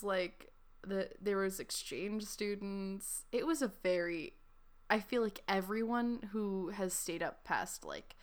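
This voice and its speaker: A young woman co-hosting a podcast, chatting casually with quick asides and lots of "like". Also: mid-range voice. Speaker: podcast co-host. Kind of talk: casual chat.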